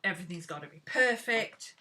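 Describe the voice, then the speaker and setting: A woman's voice: fairly low pitch, expressive, brisk, bright, forceful tone, a little hiss or hum. A woman chatting frankly and casually to her viewers while she works on a craft live stream.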